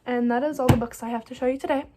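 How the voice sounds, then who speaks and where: A woman's voice: sits high, steady tone, rapid-fire, very noisy. A woman chatting casually about books she loved, gushing and rambling with lots of "like" and frequent restarts. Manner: gushing and bubbly, many "like"s and "so good"s; rambling, restarts her sentences. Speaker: book vlogger. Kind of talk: casual reading wrap-up chat.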